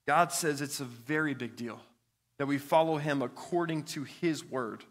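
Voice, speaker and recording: A young male pastor preaches with an earnest, storytelling delivery. His voice is fairly high and bright, and it rings out with a long reverb through a church sanctuary. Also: moderate pace. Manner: earnest, storytelling with a child's anecdote. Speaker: student pastor. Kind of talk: sermon. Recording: reverberant hall.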